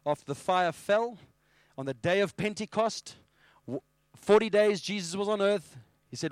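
A man preaching a sermon with animated storytelling. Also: high-pitched, normal speed, dry recording, clean studio sound. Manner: animated storytelling, acting out scenes.

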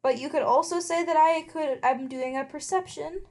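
A woman's voice: high-pitched, moderate pace, darkish tone. A woman playing a tabletop game, talking in a casual, joking, chatty way. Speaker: player.

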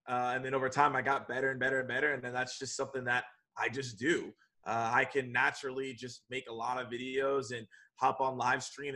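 A man as an interview guest, telling stories in an energetic, animated way. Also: mid-range voice. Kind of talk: conversational interview.

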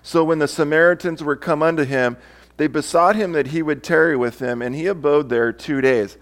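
A man's voice: on the high side, moderate pace. A male pastor preaching a sermon, reading scripture aloud and explaining it, sometimes acting out different tones of voice.

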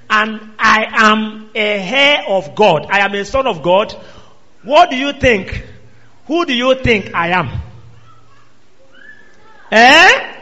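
A man preaching a sermon, quizzing his congregation with call-and-response questions and emphatic rising shouts. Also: extremely high pitch. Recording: dull sound in a reverberant hall.

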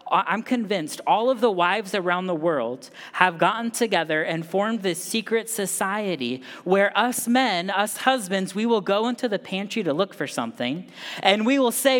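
A man's voice: high-pitched, moderate pace, fairly bright tone. Man preaching in an echoing church hall. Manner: conversational, asks the congregation many questions. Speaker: pastor. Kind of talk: sermon. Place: church sanctuary.

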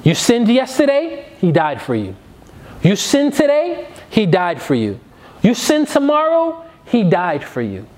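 Man preaching, high voice that swings up and down a lot, hammers lines over and over. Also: huge pitch swings, a little slow, a little mellow. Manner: emphatic, repetitive preaching cadence. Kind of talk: sermon.

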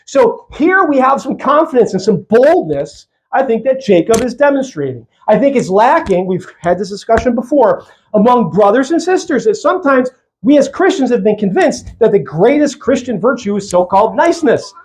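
Male pastor, church sermon, conversational, lively pitch, jokey asides. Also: normal speed.

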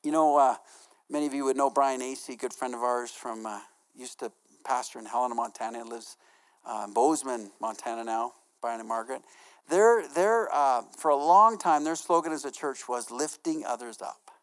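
A man's voice: medium pitch, moderate pace. A male pastor preaching in a casual, conversational way, full of fillers and repeated words, often putting questions to his congregation. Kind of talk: conversational sermon.

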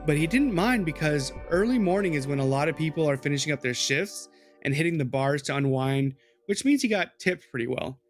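A man's voice: fairly high pitch, animated, fairly quick, faint music behind. A man hosting a podcast, telling a true-crime story in a loose, chatty way with swearing and asides to his co-host.

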